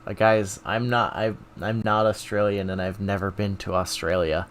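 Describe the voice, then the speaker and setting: A man's voice: on the low side, level tone, moderate pace, slight background noise. A man streaming live, thinking aloud in a self-mocking casual way while taking quizzes.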